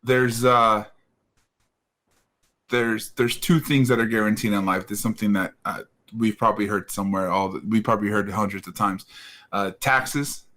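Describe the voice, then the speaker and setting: A man's voice: on the low side, steady tone, moderate pace, bright, forceful tone. A man co-hosting a podcast, chatting casually, joking and laughing, swearing freely. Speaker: podcast co-host. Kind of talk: casual chat.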